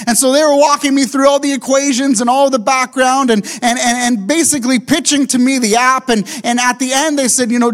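High-voiced man preaching a sermon. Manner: emphatic, slows down and repeats key phrases. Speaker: pastor.

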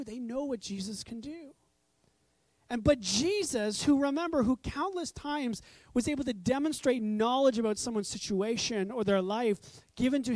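A woman's voice: high-pitched, a little mellow, dry recording. A woman preaching a conversational sermon, telling stories with animation and acting out voices. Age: adult parent.

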